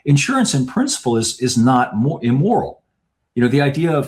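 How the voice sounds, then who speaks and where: A man speaking as a podcast guest, laying out his points in a measured, explanatory way. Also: medium pitch, big pitch swings, a little mellow. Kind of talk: podcast interview.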